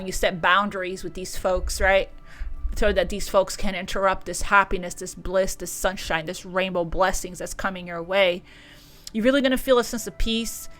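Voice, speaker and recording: Woman tarot reader, bright voice, effusive and heartfelt, soft music underneath. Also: medium pitch. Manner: gushing, emotional, repeats words. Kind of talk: channeled tarot reading.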